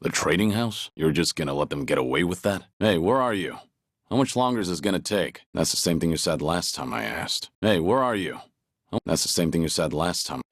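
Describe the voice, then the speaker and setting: An actor voicing a stoic, gruff middle-aged ex-yakuza man in video game voice lines, terse and low-spoken. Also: expressive, a little fast, no echo, studio quality. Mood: stern. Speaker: game character voice clips.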